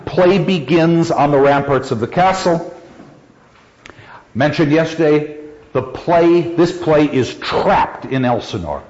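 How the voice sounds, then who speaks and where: A man lecturing a class on a play, animated and quick to laugh, sometimes acting out quoted lines in a raised voice. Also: medium pitch. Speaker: literature teacher. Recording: dull lo-fi classroom recording.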